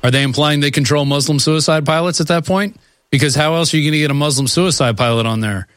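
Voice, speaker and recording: A man co-hosting a political talk show, explaining in a measured way. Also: a little high, fairly bright tone, no echo.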